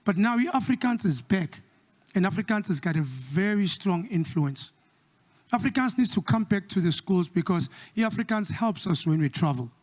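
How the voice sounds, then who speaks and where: A South African man doing stand-up comedy with a South African accent, mixing English and Xhosa and slipping into quick impressions. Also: high voice. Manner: switches between English and Xhosa, lively impressions.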